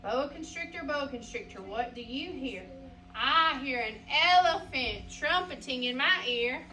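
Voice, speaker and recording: A woman's voice: sits high, lively intonation, unhurried, sharp tone, recorded from a distance, slight background noise, poor audio. A woman teacher reading a picture book aloud to a class, asking the children questions in a sing-song way.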